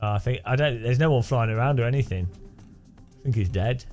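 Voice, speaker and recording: A British gaming streamer chats casually while playing live, rambling and joking with frequent restarts. His medium-pitched voice is brisk and a little mellow, with faint music in the background.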